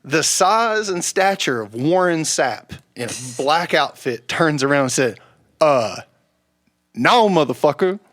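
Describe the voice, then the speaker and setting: A young man telling a rowdy story on a podcast, swearing freely and loudly acting out the people he quotes. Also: on the high side, expressive, unhurried, few pauses. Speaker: podcast guest. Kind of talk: casual storytelling.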